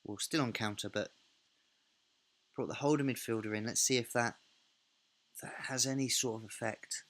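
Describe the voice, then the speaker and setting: A man's voice: medium pitch, moderate pace, a bit bright. A man hosting a let's play, thinking aloud in a casual, self-correcting way while he narrates a football management game.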